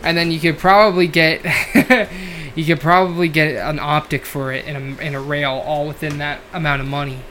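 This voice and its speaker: A man's voice: a little high, fairly even intonation, normal speed, sharp tone, slight background noise. A man teasing his co-host in a casual podcast chat, tallying up costs.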